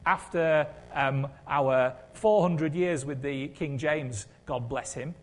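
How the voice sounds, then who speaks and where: A man's voice: a little high, slow pace. A man preaching a sermon in a conversational way, with wry humour and rhetorical questions.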